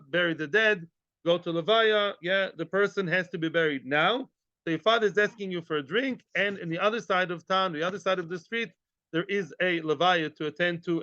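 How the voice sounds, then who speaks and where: Bright-voiced man teaching Talmud. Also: sits high, dry recording. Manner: explains in English mixed with Hebrew and Yiddish terms, asks the class questions. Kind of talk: daily Talmud class. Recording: dry, dull lo-fi audio.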